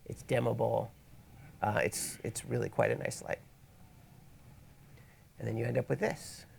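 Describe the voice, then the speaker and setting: Male workshop presenter, gravelly mid-range voice, relaxed teaching tone with wry rambling asides. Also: medium pitch, a little slow, a little hiss or hum. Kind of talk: casual instructional talk. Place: event space, in front of an audience.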